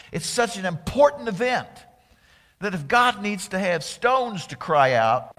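A male pastor delivering a dramatic sermon in a church, swinging from loud exclamations down to whispers. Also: sits high, sing-song, measured pace, in a large hall, a little hiss or hum.

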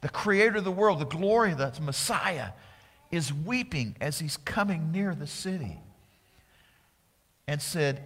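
A male pastor delivering a dramatic sermon in a church, swinging from loud exclamations down to whispers. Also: a little high, animated, unhurried, long pauses, breathy edge, in a large hall.

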